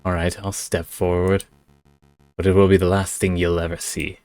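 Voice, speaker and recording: Man reading a lurking villain, taunting and threatening, low voice. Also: level tone, normal speed, darkish tone, smooth, close to an everyday voice. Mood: menacing. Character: menacing hidden male villain. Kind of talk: reading game dialogue aloud.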